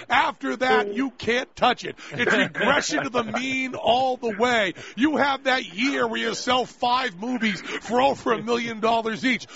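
High gravelly man ranting sarcastically. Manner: sarcastic mock-outraged ranting, bursts into shouting. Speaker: radio talk show host. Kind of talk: call-in radio banter. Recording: lo-fi radio broadcast.

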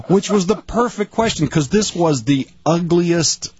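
A man's voice: sits high, lively intonation, slow pace. A man from the Boston area, a broadcaster, telling self-mocking stories in a casual chat and laughing often. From Dorchester, Boston area. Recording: dull lo-fi radio audio with faint noise.

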